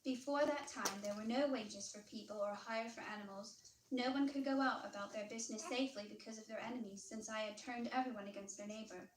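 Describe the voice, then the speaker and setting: A woman with a Southern American accent reads scripture in a measured, formal way. Her fairly high voice comes from a distance and echoes through a church room, over a faint hiss. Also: steady tone, crowd noise. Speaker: scripture reader. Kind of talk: reading scripture aloud.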